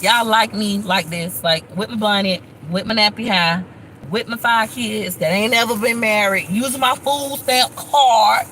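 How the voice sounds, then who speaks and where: A bright, sharp-toned woman talks casually to her live-stream viewers, calling out thanks and telling her story. Her voice has a forward edge, and a faint background noise sits under it. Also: medium pitch, unhurried, low-quality recording. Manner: chatty, shouts out thanks to viewers. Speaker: YouTube vlogger on a live stream.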